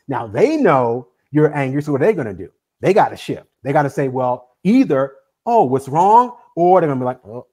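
A man preaching a sermon, emphatic and animated, often speeding up and slowing down. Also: a little high. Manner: animated, emphatic preaching with shifting pace and volume. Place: church sanctuary.

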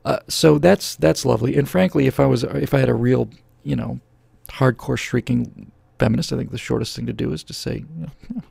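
A middle-aged man with a heavily gravelly, husky voice rants close to a studio mic. He sounds sarcastic and opinionated, and the sound is dry and close, with no room echo. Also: mid-range voice, a little fast, a little mellow. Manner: sarcastic, ranting, jumps into mocking voices. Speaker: host answering viewer questions. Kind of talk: opinionated political monologue. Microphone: studio microphone, close.

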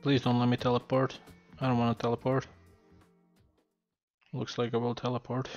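A man's voice: medium pitch, normal speed, lo-fi sound. Brief: laid-back male gamer, muttering commentary, faint music under. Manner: relaxed, muttering running commentary. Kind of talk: game playthrough commentary.

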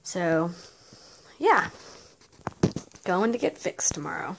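A woman's voice: on the low side, very animated, slow, gravelly, background noise. A woman chatting casually in a vlog, cooing baby talk at her cat, first from a car and then at home. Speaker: pet owner vlogger.

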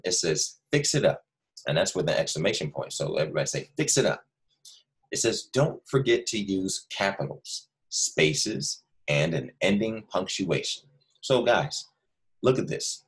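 A man teaching a first grade class in a recorded online lesson, speaking slowly and warmly to young children and reading example sentences aloud with lively stress. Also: deep voice, slightly rough. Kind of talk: recorded remote homework lesson with screen share.

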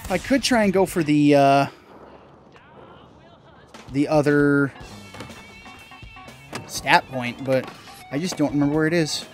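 A young man, a gaming channel host, giving casual gameplay commentary, chatty and excitable, swearing mildly and yelping when things go wrong. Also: slow, long pauses. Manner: excitable, bursts into high yelps and laughs at mistakes. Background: faint game music.

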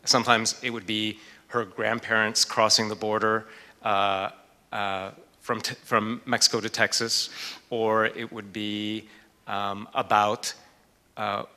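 A man's voice: on the low side, little pitch movement, slow pace, bright, forceful tone. A man, an author and art historian, speaking in a panel discussion in a thoughtful, hesitant way with frequent fillers. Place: lecture hall. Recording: reverberant hall.

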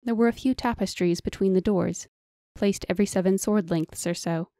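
A woman reading a fantasy audiobook as narrator in an even, measured storytelling manner. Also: mid-range voice, no room sound.

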